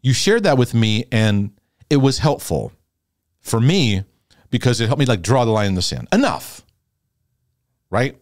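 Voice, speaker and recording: A man's voice: mid-range voice, animated, normal speed, darkish tone, no room sound, studio quality. A man hosting a podcast, talking in a candid, reflective way with frequent hesitations and restarts. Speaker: podcast host. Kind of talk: candid conversational podcast talk.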